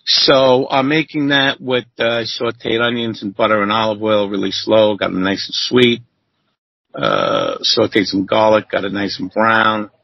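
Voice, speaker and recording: A man guest on an interview show, telling animated, profane stories and acting out quotes in a high voice. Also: unhurried, vocal fry, no echo, dull audio. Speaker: interview guest, former chef. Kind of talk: casual storytelling.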